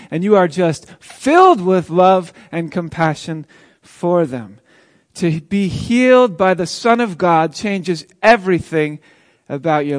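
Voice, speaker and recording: Man playing a joyful formerly paralyzed man, first-person monologue, earnest storyteller, high voice, dry close sound. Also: no room sound.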